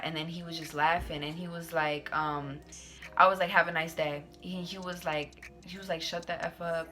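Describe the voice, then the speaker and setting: A woman's voice: sits low, sharp tone. A young adult woman hosting her own channel, telling a casual storytime in a sassy, slangy way with plenty of "like"s. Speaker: YouTuber host.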